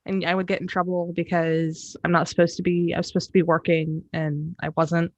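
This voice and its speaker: A woman's voice: fairly low pitch, little pitch movement, a little fast, dry recording. A young woman speaking as a player in a tabletop game, chatty and in character. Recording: dull, dry mic.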